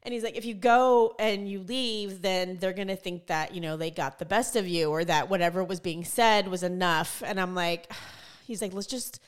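A woman's voice: fairly low pitch, steady tone, moderate pace, few pauses, clean tone. A woman co-hosting a podcast in casual chat, speaking frankly and swearing freely as she tells her stories. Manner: frank, candid storyteller who swears freely. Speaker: podcast co-host.

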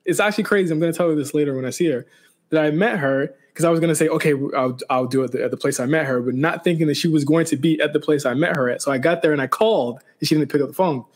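Rambling young man, somewhat high voice. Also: racing. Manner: rambling, many restarts and quoted dialogue. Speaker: podcast co-host. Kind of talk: casual chat.

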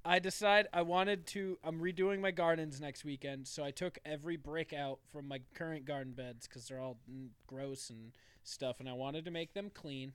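Chatty male podcast co-host, smooth bright voice, dry close sound. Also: on the high side, steady tone, moderate pace, hardly any pauses, no echo. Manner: chatty storyteller, swears casually. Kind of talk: casual chat.

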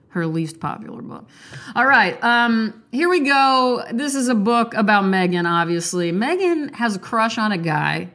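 A woman's voice: fairly high pitch, expressive, a little slow, fairly bright tone. Young woman, casual read-aloud, chatty, playful character voices. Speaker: book reader and commentator.

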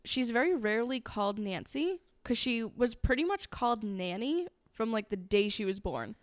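A woman co-hosting a casual true crime podcast, talking with friendly asides. Her voice sits a little high and sounds smooth and clean. The recording is close and dry. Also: expressive, moderate pace, no room sound. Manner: chatty, storytelling, friendly asides. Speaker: podcast co-host.

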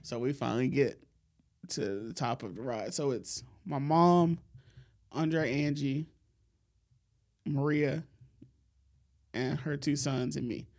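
A man hosting a podcast, telling a long, profane story in a relaxed way and laughing often. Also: mid-range voice, slow, long pauses. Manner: laid-back, profane, laughs often while telling stories. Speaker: podcast host. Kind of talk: casual storytelling chat.

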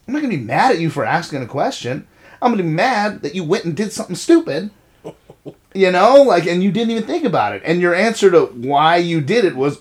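Man, middle-aged, casual podcast chat, blunt, profane, lively pitch. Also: brisk. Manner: blunt, swears freely, animated storytelling. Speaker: podcast co-host.

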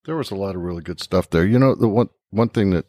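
Chatty low voiced guy on a podcast, cracking jokes, dry sound. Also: fast, warm tone, no echo. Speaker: podcast co-host. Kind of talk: casual chat.

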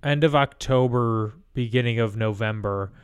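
A man co-hosting a podcast over a remote call, telling rambling stories with deadpan asides. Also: medium pitch, moderate pace, clean tone. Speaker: podcast co-host. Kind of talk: casual chat. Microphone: remote call mic.

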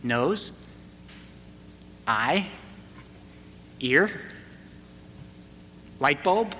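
A middle-aged man preaching a sermon, telling a family story slowly and deliberately, building to emphatic moments. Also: on the high side, animated, bright, forceful tone, slight background noise. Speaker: pastor. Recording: reverberant hall, faint ambience.

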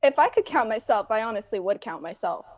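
A woman's voice: mid-range voice, animated, fast, a little mellow, dull audio. A woman from New York, a podcast guest talking dryly and a bit hesitantly. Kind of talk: casual chat.

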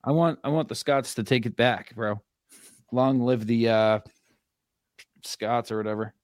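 A man's voice: medium pitch, fairly even intonation, a little slow, smooth, dry recording, studio quality. A man co-hosting a casual sports podcast, rambling and joking with lots of fillers. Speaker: podcast co-host. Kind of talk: casual chat.

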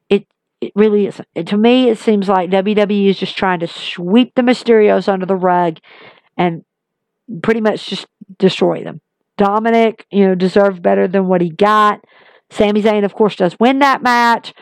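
A woman's voice: medium pitch, dry recording. A woman host recapping the week's wrestling shows in a casual, opinionated way, repeating herself emphatically as she rants in frustration. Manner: frustrated, repetitive, emphatic ranting.

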